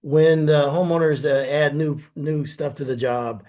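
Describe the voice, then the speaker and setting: A man's voice: fairly high pitch, steady tone, a little slow, warm tone. A man who works as a contractor, speaking plainly in a casual chat with many fillers. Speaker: flooring contractor.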